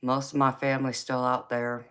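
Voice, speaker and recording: A woman's voice: extremely low pitch, little pitch movement, normal speed, fairly bright tone, clean tone. A woman with a Southern US accent chatting casually with viewers as a tarot livestream host, laughing often and calling people baby. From Los Angeles, USA. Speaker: tarot reader hosting a live chat.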